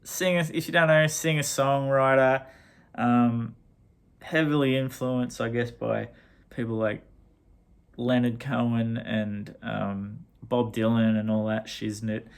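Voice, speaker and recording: A middle-aged Australian man with a gravelly, creaky voice, talking loosely about his favourite records. He rambles, backtracks and corrects himself, tossing in plenty of casual slang. His pitch sits in the ordinary middle range for a man. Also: flat delivery, slow. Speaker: vinyl collector reviewing records. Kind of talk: casual record review vlog.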